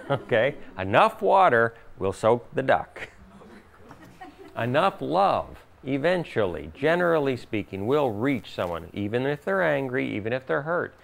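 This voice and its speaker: Male workshop teacher, animated, acts out quotes, gravelly and lively. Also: medium pitch, a little slow, slight background noise. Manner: animated, acts out quoted voices, laughs often. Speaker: spiritual teacher. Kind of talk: workshop talk with audience questions.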